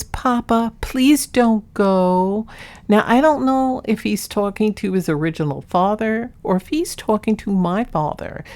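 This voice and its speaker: An earnest woman talks through her vlog in a relaxed, chatty way, laughing softly now and then. Her voice sits a little on the low side. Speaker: paranormal vlogger. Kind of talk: casual narration introducing clips.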